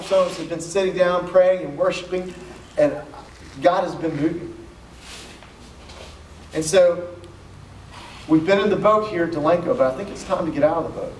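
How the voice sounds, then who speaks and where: Youth camp speaker, male, higher voice, joking asides, heard from far back in an echoey hall. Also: slight background noise. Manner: joking, conversational, reads scripture aloud with asides. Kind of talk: casual youth sermon.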